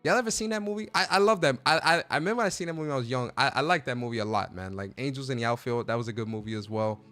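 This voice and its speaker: Chatty, animated man. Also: mid-range voice, very fast, faint music behind. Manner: animated, chatty, slangy, reacting to chat. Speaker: podcast host. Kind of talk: casual livestream chat.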